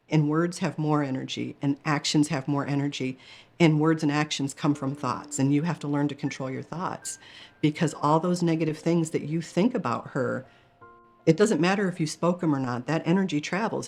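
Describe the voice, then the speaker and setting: A woman's voice: sits low, a little mellow. Earnest woman telling a personal story. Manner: earnest, emotional, quotes others in her own voice. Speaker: interviewee recounting a near-death experience.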